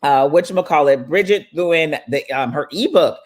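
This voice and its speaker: Animated, affectionate woman hosting a live summit. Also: low-pitched, normal speed. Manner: animated, affectionate, motivational, calls listeners "baby" and "y'all". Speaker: summit host. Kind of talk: casual live-stream chat.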